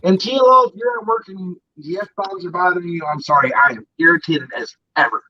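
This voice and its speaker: Speaking a little quickly in a high, pushed, bright voice, this co-host of an online talk show rages about politics with plenty of swearing. He's in his bedroom at home, far from the microphone, on a muffled lo-fi recording.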